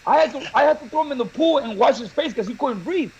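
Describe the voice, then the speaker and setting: Male co-host, high voice, lively laughing storyteller, slightly muffled studio sound. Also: quick pace, a little hiss or hum. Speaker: show co-host. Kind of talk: casual storytelling chat.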